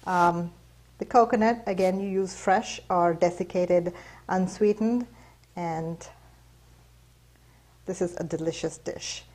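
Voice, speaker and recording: Woman host, low-ish voice, casual cooking demo, chatty with fillers. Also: low-quality recording. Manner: relaxed, chatty, many fillers. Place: kitchen.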